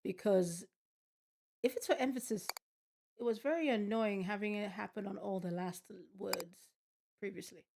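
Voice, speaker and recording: A woman's voice: medium pitch, normal speed, creaky, darkish tone, a little hiss or hum. A woman streaming a game, reading its text aloud and reacting with bemused, swearing commentary. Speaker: gaming streamer. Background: game music.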